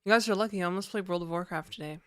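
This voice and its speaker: A woman's voice: lowish voice, rapid-fire, fairly bright tone, no echo, studio quality. A woman streamer chatting casually to her viewers live, venting and swearing a lot.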